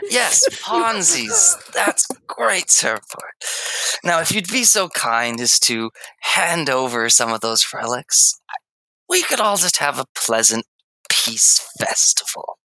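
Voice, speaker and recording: A man's voice: fairly high pitch, wildly swooping pitch, slow pace, sharp tone, no room sound, full character voice, low-quality recording. A man voicing a scheming cult acolyte who speaks in a smug, mock-polite way.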